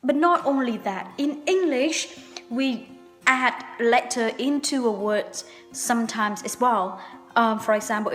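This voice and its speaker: Young female English teacher, Vietnamese accent, slow and emphatic, reverberant room. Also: on the high side. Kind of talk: video lesson.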